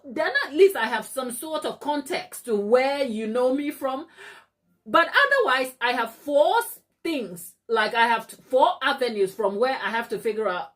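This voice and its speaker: A woman hosting a cake-baking channel, telling a story in a chatty, animated way from her home kitchen, acting out other people's lines in a high voice. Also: moderate pace. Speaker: cake maker and channel host. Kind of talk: casual live-stream storytelling.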